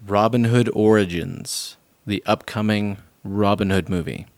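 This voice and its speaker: A man hosting a casual podcast, joking and hyping things up with drawn-out swearing. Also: fairly low pitch, fairly even intonation, dry recording. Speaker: podcast host.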